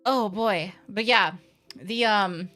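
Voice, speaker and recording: A woman's voice: mid-range voice, takes it slowly, sharp tone. A young woman streamer chatting casually with her live audience, candid and sarcastic, swearing freely and rambling with lots of fillers. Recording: faint music behind.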